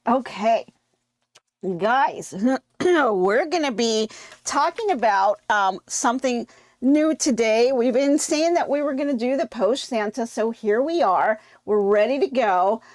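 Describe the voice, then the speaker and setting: A woman hosts a live sewing stream in a relaxed, chatty way, stopping now and then to answer viewers. Her voice sits somewhat high. The sound is close and dry, with almost no room around it. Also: slow pace, dry recording. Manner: relaxed with frequent fillers. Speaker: quilting show host.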